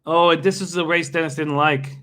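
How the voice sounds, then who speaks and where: A young man hosts a casual live stream, excitable and quick to laugh as he reacts to viewers by name. His voice sits high for a man and rings bright and forward. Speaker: livestream host betting on horse races.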